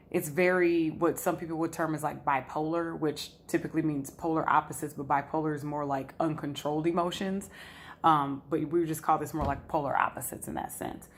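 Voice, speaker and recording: A woman's voice: sits low, a little hiss or hum. A woman life coach giving a casual teaching talk at a whiteboard, telling a client story in a chatty way. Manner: chatty storyteller who acts out quotes.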